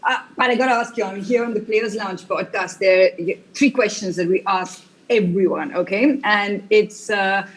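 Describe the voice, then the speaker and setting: A woman's voice: medium pitch, normal speed, few pauses, poor audio. A woman hosting a casual podcast, chatty as she puts her questions to a guest, sometimes stumbling over her words. Her voice sits in an ordinary middle range. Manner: chatty, asks questions with some hesitation. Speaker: podcast host.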